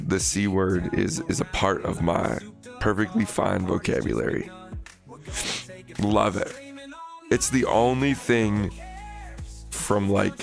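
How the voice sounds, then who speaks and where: A man's voice: lowish voice, fairly even intonation, slow, creaky, long pauses, soft background music. An American man chatting casually and profanely with viewers on his live stream while he plays a game, rambling as he talks. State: recovering from illness.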